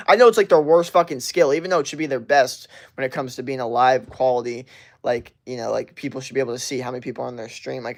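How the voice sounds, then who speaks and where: A young man streaming from his bedroom, venting in a profane, frustrated casual rant. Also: mid-range voice. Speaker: live streamer.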